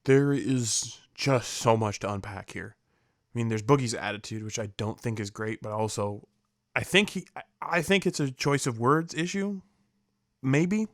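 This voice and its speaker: A man's voice: mid-range voice, expressive, normal speed, no echo, studio quality. A young man commenting casually on clips, rambling and profane, laughing often and slipping into mocking voices. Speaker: commentary vlogger reacting to clips.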